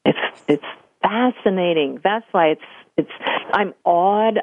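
In a slow, mid-range voice, an older woman working as a medium shares stories in a conversational interview, lively and dropping into the voices she quotes. There's no echo; the audio is dry, close, and tinny like a phone call.

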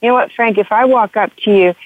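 Speaking fast in a mid-range voice, a woman who works as an author and couples counselor recounts her story in an interview. She's earnest and emotional, repeating herself often, and the recording is a dry, tinny phone line.

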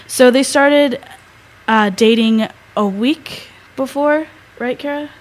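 A teenage girl co-hosting a talk show, telling a story in a halting way, with many fillers and restarts. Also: sits high, rough recording. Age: teens. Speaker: co-host. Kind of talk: casual storytelling.

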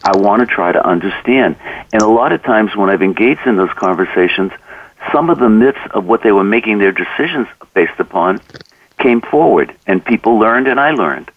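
A man's voice: fairly low pitch, lively intonation, moderate pace, dry recording, recorded from a distance, narrow, tinny audio. A man being interviewed, earnestly telling anecdotes and acting out the conversations in them. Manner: earnest, acts out dialogue in anecdotes. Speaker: author and coach, interview guest.

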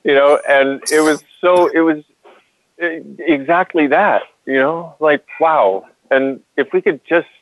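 A man's voice: on the high side, a little slow. A man co-hosting a call-in talk show who tells a story earnestly, with many restarts. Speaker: co-host. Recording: dry phone-line sound.

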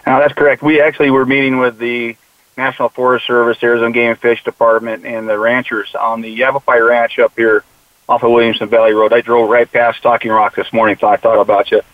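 A man's voice: medium pitch, flat delivery, fast talker, dry recording. Earnest man telling stories over a tinny line. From United States. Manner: earnest storyteller, often quotes himself with "I said". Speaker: mule deer conservationist and youth hunting mentor. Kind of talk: casual conversational interview. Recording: tinny phone-like dry sound.

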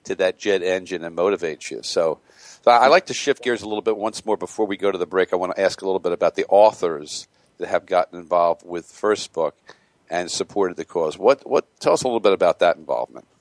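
A male radio host with a very deep voice leads the interview. He talks haltingly and often repeats words before finishing a question. The sound is close and dry. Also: dry recording. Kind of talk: interview hosting.

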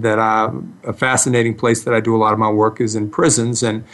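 A man hosting a talk radio show, telling stories with a casual, rambling delivery and frequent restarts. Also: lowish voice.

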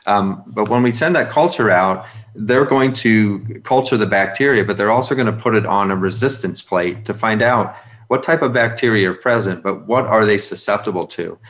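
A man with a fairly low voice speaks as a veterinarian in a relaxed podcast conversation. He explains clinical steps in a measured, methodical way. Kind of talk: casual podcast chat.

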